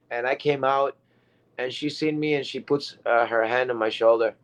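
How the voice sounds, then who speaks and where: A man's voice: medium pitch, fairly even intonation, normal speed, sharp tone, slight background noise. A man giving a rambling, emphatic motivational talk as a guest speaker, repeating himself often.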